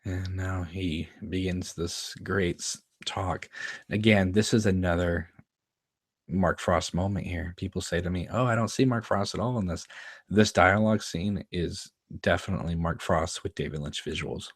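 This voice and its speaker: A man with a very deep voice talks casually as he comments on an episode, laughing often and repeating lines he hears on screen. The sound is close and dry, with no room echo. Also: moderate pace, husky. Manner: chatty, laughs often, quotes lines from the scene. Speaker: show host commenting on an episode.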